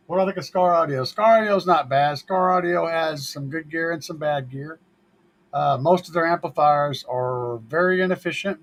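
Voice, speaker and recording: A man with a husky, slightly raised voice hosts a casual car audio livestream. He riffs on viewer questions in a relaxed, jokey way and swears freely. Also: on the high side, low-quality recording. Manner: laid-back, joking, swears freely. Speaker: car audio show host.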